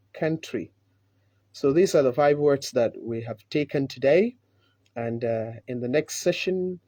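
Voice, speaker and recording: Slow, deliberate teacher. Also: male voice, medium pitch, mellow, dry recording. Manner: slow and deliberate, repeats words, many "uh" fillers. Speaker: English pronunciation teacher. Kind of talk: live online pronunciation lesson.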